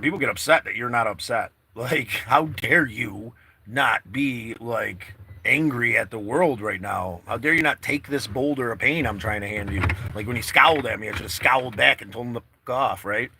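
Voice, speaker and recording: A man's voice: medium pitch, sharp tone. A man vlogging live from his car outdoors, chatting casually and rambling to his viewers. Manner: rambling, laid-back, talks to viewers. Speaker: travel vlogger. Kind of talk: casual live-stream chat.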